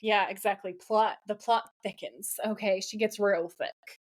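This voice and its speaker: A woman co-hosting a podcast, gushing and excitable as she recaps a TV episode, swearing and laughing often. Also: mid-range voice, unhurried. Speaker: podcast co-host. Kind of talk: casual episode recap chat.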